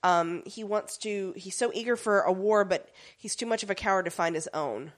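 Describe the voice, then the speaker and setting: A woman's voice: medium pitch, normal speed. A woman in casual conversation, animatedly recapping a TV episode and slipping into characters' voices. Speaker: podcast co-host recapping a TV episode. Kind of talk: casual chat.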